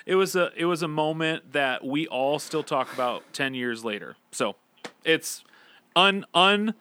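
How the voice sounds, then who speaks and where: Bright-voiced storytelling man. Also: on the high side, animated, measured pace, a little hiss or hum. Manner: storytelling, chuckling, with fillers. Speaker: podcast co-host. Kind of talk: casual chat.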